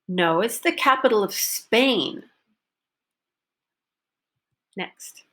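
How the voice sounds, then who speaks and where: Woman teacher doing a recorded pronunciation lesson, slow and careful, punches the stressed words. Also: mid-range voice, a bit bright. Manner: slow, deliberate, models stressed words clearly.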